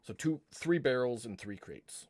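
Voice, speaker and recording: A man's voice: medium pitch, expressive, unhurried, a little mellow, dry recording. A man running a tabletop game over voice chat as game master, patiently directing the players.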